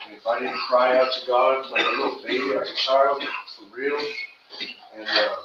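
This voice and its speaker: A man tells his own recovery story in an earnest, rambling way, full of casual slang. He sounds far from the microphone in a very echoey room. The recording is muffled and carries clear background noise. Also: medium pitch, steady tone, moderate pace. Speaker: recovery meeting speaker. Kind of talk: personal testimony.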